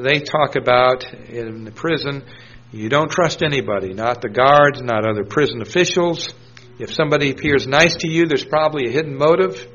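Brief: a mid-pitched man preaching, telling stories between verses, lo-fi recording. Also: a bit bright. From New Hampshire, USA. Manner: storytelling, conversational with scripture quotes. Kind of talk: sermon.

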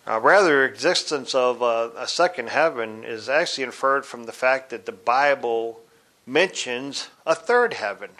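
A man teaching from the Bible in a deliberate, explanatory way, spelling out words letter by letter. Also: medium pitch, expressive, pushed and bright.

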